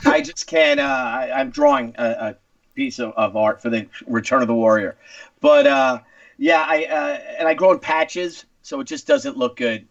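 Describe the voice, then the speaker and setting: Gravelly middle-aged male talk host. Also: medium pitch, huge pitch swings, moderate pace, no room sound, recorded from a distance, lo-fi sound. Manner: joking, playful, slips into put-on voices. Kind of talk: casual chat.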